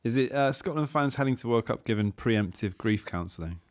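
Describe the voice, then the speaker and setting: A man's voice: mid-range voice, lively intonation, fairly quick. English man joking on a quiz panel. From England. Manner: playful, self-mocking, laughs often. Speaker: podcast panelist. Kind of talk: comedic quiz banter.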